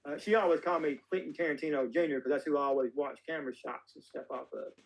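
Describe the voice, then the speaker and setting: A man with a somewhat high voice, chatting as a guest filmmaker. He tells folksy, meandering stories, circling back and restarting his sentences. His delivery is loose and conversational. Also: fast talker, vocal fry, rough recording. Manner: folksy, rambling anecdotes with many restarts. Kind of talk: casual interview storytelling.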